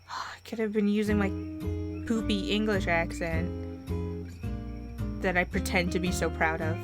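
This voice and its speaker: A woman's voice: medium pitch, takes it slowly, pauses often, over music. A woman playing through a story game, reading its text aloud and breaking off into chatty, self-mocking reactions. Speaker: let's play host.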